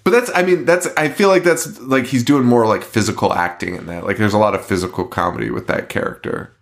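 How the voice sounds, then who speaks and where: On a horror podcast, a male co-host rants through casual chat, swearing heavily and laughing often. His voice is fairly low in pitch, and he talks fairly quickly.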